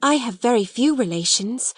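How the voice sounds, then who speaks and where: A woman reading aloud and voicing a slow, reflective young schoolgirl who speaks plainly. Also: a little high, expressive, husky, no room sound, clean studio sound, pitched above the performer's own voice.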